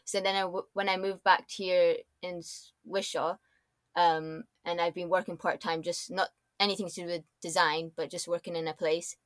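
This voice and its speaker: A woman's voice: lowish voice, flat delivery, moderate pace, no echo, clean studio sound. A woman in her twenties with a mixed accent that is often taken for American, chatting casually in an interview, laughing often and talking in loose, restarting sentences. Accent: mixed, often taken for American or Canadian. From born in Dubai, raised in Scotland. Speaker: guest, designer.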